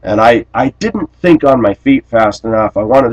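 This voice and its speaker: A man delivering a rambling personal monologue to camera, blunt and aggrieved, often clearing his throat. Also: on the low side, lively intonation, normal speed, a little mellow, low-quality recording. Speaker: vlogger.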